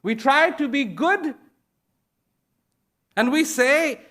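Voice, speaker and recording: A man giving a speech to an audience, slow and deliberate, pausing between short phrases and repeating key words for emphasis. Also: very high voice, sing-song, fairly bright tone. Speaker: invited speaker. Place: event at a large international venue.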